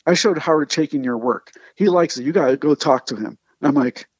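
A man, a comic artist, telling animated anecdotes in casual conversation and acting out the people he quotes. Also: a little high, fairly quick, breathy edge, no echo, lo-fi sound. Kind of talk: casual storytelling.

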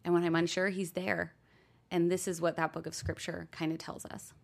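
A middle-aged woman with a lowish voice speaks earnestly on a faith podcast. She talks warmly about honesty with God and now and then voices pleading prayers. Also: little pitch movement, moderate pace, creaky. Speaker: podcast co-host.

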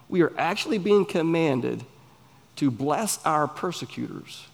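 Gravelly Southern preacher in a hall. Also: male voice, medium pitch. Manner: earnest, emphatic, pauses between phrases. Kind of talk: sermon. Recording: long hall reverb.

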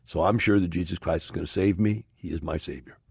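A man's voice: sits low, fast, creaky, husky, no echo, studio quality, heavily acted. A man voicing a stubborn, devout man who insists on his faith and refuses rescue. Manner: fervent, insistent preaching.

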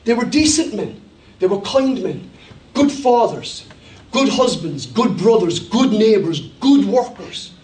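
High-voiced Cork pastor in a roomy hall. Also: male voice, measured pace. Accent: Cork, Irish. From Ireland. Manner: lively storytelling with audience participation. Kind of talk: sermon. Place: church hall. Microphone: handheld microphone. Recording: echoey hall, voice from far off.

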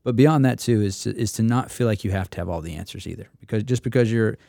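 Gravelly, mellow-voiced male storyteller. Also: fairly low pitch, fast, no echo, studio quality. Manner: storytelling, acts out quotes. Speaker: instructor pilot. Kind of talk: casual roundtable chat.

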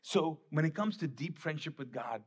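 A man's voice: on the high side, expressive, normal speed, darkish tone, slightly rough. A male pastor from the Middle East, preaching a sermon in a conversational, emphatic way.

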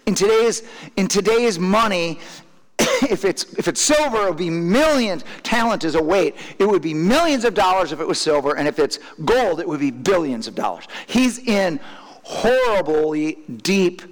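A man's voice: fairly high pitch, long reverb tail. A man preaching a sermon, often restarting and repeating his words as he explains a passage. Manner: halting, repeats words, laughs now and then.

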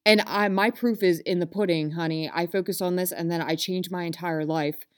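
A woman's voice: fairly low pitch, fairly even intonation, moderate pace, smooth. A woman hosting a self-help talk, speaking to listeners in an earnest, passionate way. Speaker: self-help podcast host.

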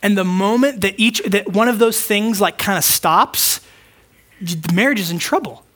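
A man's voice: high-pitched, normal speed, fairly bright tone. A man preaching a conversational sermon, acting out short quoted dialogues. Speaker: pastor.

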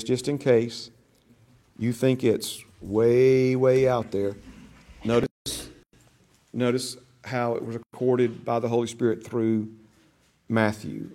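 An older man leads a church discipleship class in a chatty, storytelling way. His voice sits at a middle pitch, and he often acts out the people in his stories. He speaks as a teacher talking to a small group. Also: a little mellow.

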